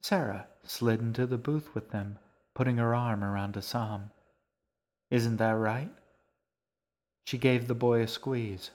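A man narrating his own novel in a podcast, reading in a measured, unhurried way. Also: mid-range voice, a little mellow. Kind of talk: scripted narration.

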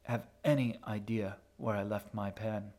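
Cold, measured male villain, soft-spoken and clipped, read by a male narrator. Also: on the low side, steady tone, lightly acted. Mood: quiet menace. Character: cold, calculating man, quiet and menacing.

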